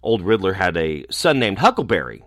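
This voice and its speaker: A man reading a children's story aloud, expressive and animated. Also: deep voice, moderate pace, no echo, clean studio sound.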